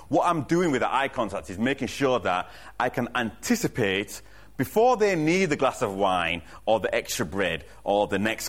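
A man preaching a sermon as pastor, earnest and emphatic, repeating his key lines and often restarting a phrase mid-thought. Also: mid-range voice. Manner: frequent restarts and self-corrections. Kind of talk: sermon to a congregation.

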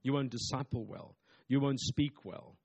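A man's voice: medium pitch, normal speed, creaky, a little mellow, slightly rough. A man, a pastor preaching a sermon emphatically, with repetitive phrasing and call-and-response asides.

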